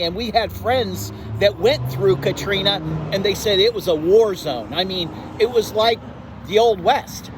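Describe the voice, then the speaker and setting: A man preaching a sermon as pastor, fervent and urgent, dropping low for warnings. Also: slight background noise.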